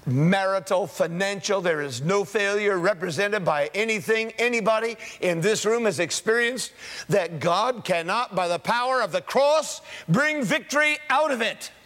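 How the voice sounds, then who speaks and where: A high-pitched male preacher delivers an emphatic sermon, driving his points home with repeated phrases that climb and fall. His voice carries a long, lingering reverb from a large hall. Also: a bit bright. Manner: emphatic, repeats key phrases in rising cadences.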